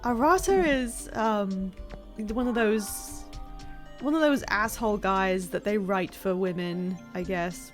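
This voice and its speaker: Live-streaming a video game, a woman with a medium-pitched voice talks slowly over soft background music. She chats and jokes with her viewers while she plays, keeping the commentary casual.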